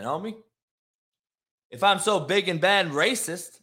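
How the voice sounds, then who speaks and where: A man hosts his own live stream in a fairly high, bright voice. He rambles casually between fillers and turns into profane, confrontational rants at commenters. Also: unhurried. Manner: profane, confrontational ranting at chat. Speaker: live show host.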